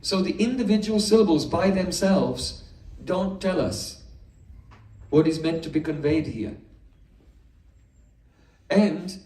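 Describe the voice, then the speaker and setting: A man's voice: high voice, expressive, slow pace, pauses often, darkish tone. A man giving a philosophy lecture as a spiritual teacher, explaining step by step and asking rhetorical questions. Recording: echoey room, mic far off.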